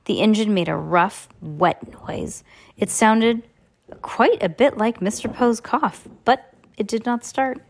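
Woman reading a kids book out loud, plain steady voice, few slips. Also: fairly high pitch, slow pace, creaky. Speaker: audiobook reader. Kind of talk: reading a novel aloud.

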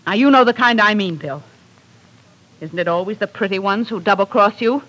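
A woman's voice: medium pitch, moderate pace, a bit bright, lightly acted, low-quality recording. A woman playing a cruel, scheming female accomplice who talks in a cold, coaxing manner, in 1940s radio acting.

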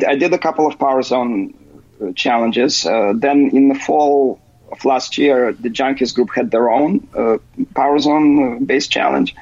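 Halting, husky-voiced male guest. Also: mid-range voice, darkish tone, no room sound. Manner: halting, full of "you know" fillers and restarts. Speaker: interview guest, software developer. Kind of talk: casual interview. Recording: dull, lo-fi recording.

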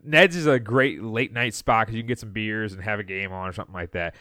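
A man co-hosting a podcast, telling a story in casual chat and acting out loud quotes, with many fillers. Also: fairly low pitch, fast talker, dry recording, studio quality. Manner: animated storyteller, acts out shouted quotes. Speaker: podcast co-host.

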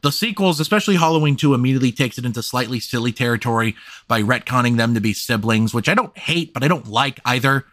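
Emphatic, swearing podcast host. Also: male voice, mid-range voice, lively intonation, fast talker, fairly bright tone, dry recording. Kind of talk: casual film discussion.

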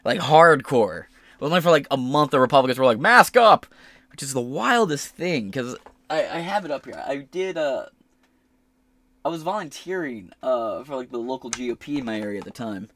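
A man hosts a casual podcast, breaking into profane, animated rants. His voice sits at a middle pitch and is recorded close on a podcast mic in a dry, dead room. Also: fairly quick, no echo. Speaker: podcast host. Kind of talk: casual commentary.

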